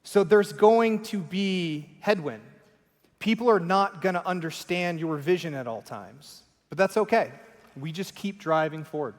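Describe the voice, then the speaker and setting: Lively man telling stories on stage. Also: high voice, a little slow. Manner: animated storyteller, acts out quoted voices. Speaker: conference speaker, company co-founder. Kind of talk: storytelling keynote talk. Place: large conference hall. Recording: echoey hall, voice heard from a distance.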